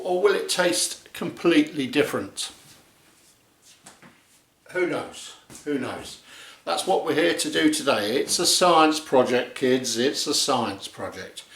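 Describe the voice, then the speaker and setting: A man hosting a casual review vlog, talking to the camera in a chatty, jokey way. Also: a little high. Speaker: beer reviewer, channel host. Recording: echoey room.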